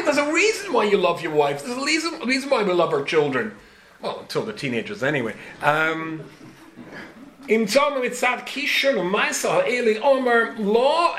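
A man's voice: high-pitched, a bit bright, a little hiss or hum. A man in his seventies giving a Torah lecture, full of rhetorical questions and dry humor. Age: 70s. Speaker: rabbi teaching a Torah class. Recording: echoey room, faint ambience.

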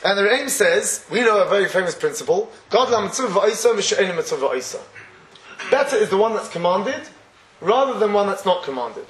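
A man's voice: sits high, lively intonation, a little fast, fairly bright tone, reverberant. A man giving a Torah class, conversational and chuckling often as he acts out everyday scenes. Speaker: Torah teacher.

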